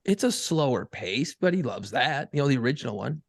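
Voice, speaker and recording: Male podcast co-host, 40s, gravelly, profane, animated storyteller, dry close sound. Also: mid-range voice, brisk, no echo. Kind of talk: casual chat.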